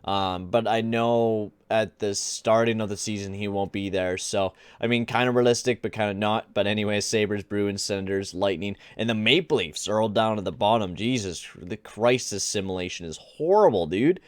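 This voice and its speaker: A man's voice: lowish voice, fairly even intonation, normal speed, few pauses, smooth, dry recording. A young man giving casual gameplay commentary, rambling and exasperated, full of slang like "dude" and "bruh". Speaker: gaming channel host.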